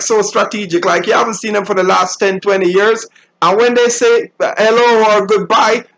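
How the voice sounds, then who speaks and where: A man hosting a solo talk show, giving an animated, preachy monologue and mimicking people in high squeals. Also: rough recording. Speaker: show host.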